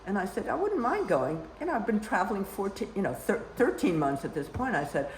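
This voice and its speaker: A woman's voice: medium pitch, sing-song, fast, a little mellow, a little hiss or hum. An older woman telling long, rambling personal stories in casual conversation, with many "you know" asides. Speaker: storyteller guest. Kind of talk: casual storytelling. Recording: roomy echo.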